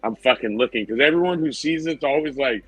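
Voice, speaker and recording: Husky-voiced man in casual podcast chat. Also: medium pitch, quick pace, a bit bright, faint music behind, low-quality recording. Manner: rambling, swears freely, laughs often. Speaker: podcast co-host.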